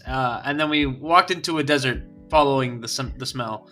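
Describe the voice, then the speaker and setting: A man's voice: medium pitch, normal speed, sharp tone, faint music behind. A man co-hosting a casual podcast, laughing often and poking fun at himself. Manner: laughing, self-mocking. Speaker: podcast co-host. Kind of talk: casual chat.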